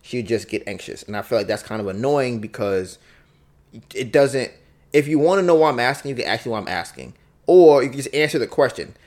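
Speaking a little fast in an animated, mid-range voice with a darkish tone, a man hosts a podcast alone. His casual, reflective musings loop back on themselves as he acts out both sides of a debate.

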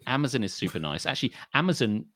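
A man rants and swears his way through a podcast chat, his voice leaping up and down in pitch. The sound is dry and close. His pitch sits in the middle for a man. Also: racing, no echo. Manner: ranting, swearing, animated. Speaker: podcast co-host. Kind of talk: casual chat.

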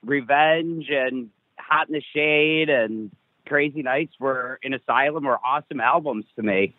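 A man's voice: mid-range voice, a little slow, dry recording. A male guest musician talking eagerly in a casual interview. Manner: eager, fan-like enthusiasm. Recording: thin dry phone line.

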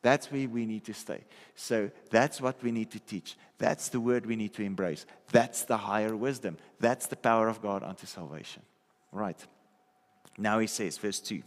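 A man's voice: lowish voice, normal speed. Man preaching in a reverberant hall. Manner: conversational, checks in with listeners often. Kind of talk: sermon. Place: church hall.

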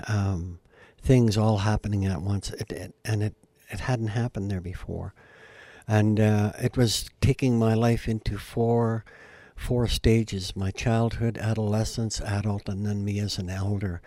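Older man, low mellow voice, earnest storyteller, dry sound. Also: steady tone, measured pace, no room sound. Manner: earnest, heartfelt, climbs in pitch and volume at emotional peaks. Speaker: guest storyteller and musician. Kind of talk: storytelling in an interview.

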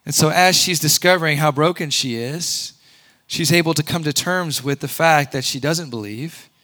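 A man preaching a sermon, conversational and earnest, often rising to loud emphatic peaks. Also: a little high, normal speed. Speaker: pastor.

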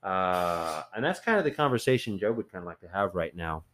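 A man's voice: deep voice, big pitch swings, fairly quick, fairly bright tone. A man hosting a podcast, chatting casually and rambling through a Bible study with many fillers. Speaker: podcast host.

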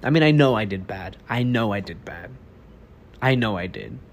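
A man's voice: lowish voice, lively intonation, moderate pace, a little hiss or hum. An eighteen-year-old man from Texas hosting his own podcast, talking alone in a rambling, blunt, profane way. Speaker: podcast host. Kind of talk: casual solo podcast monologue.

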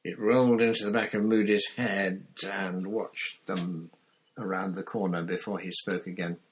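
A man narrating a novel aloud in steady, scripted storytelling. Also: low-pitched, moderate pace, breathy edge, low-quality recording. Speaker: audiobook narrator.

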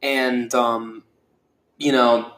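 A man's voice: mid-range voice, little pitch movement, extremely slow, fairly bright tone. A young man hosting a casual solo podcast, rambling and swearing freely, with lots of fillers. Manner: rambling, profane, with many fillers. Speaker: podcast host. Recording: echoey room.

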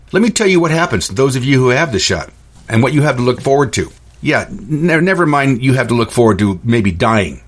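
A man's voice: medium pitch, lively intonation, fairly quick. A middle-aged man and store owner ranting in a monologue on his own show, indignant and stumbling over restarts. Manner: indignant, repetitive, stammering restarts. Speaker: podcast host and store owner.

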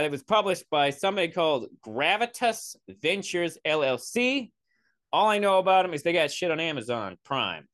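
A man hosts a comedic review podcast. He rambles, sighs and swears, and his voice swings widely in pitch as he mocks the film. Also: a bit bright. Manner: exasperated, rambling, sarcastic, swears often. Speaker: podcast host. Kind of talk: comedic movie review rant.

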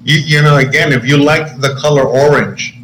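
A man's voice: fairly high pitch, steady tone, normal speed, fairly bright tone, a little hiss or hum. Rambling, profane man in an echoey room. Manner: rambling, profane, many fillers. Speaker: podcast co-host. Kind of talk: casual political chat.

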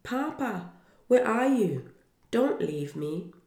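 A woman reads a gentle, suffering man from a children's storybook, low and unhurried with a gravelly edge. He speaks softly and earnestly, and the reading sits in a roomy, echoey space. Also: full character voice. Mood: pleading. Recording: roomy echo.

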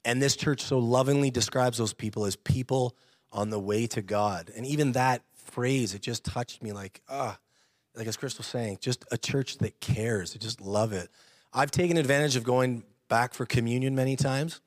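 A man's voice: medium pitch, normal speed, no echo, clean studio sound. A man in his thirties sharing a personal testimony at church, earnest and chatty, laughing often and restarting his sentences. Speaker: church member giving testimony.

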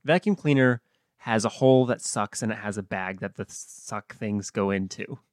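A man's voice: lowish voice, normal speed, no echo, studio quality. A man co-hosting a comedy podcast, riffing playfully on silly ideas and laughing often. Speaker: podcast co-host. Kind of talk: comedic brainstorming chat.

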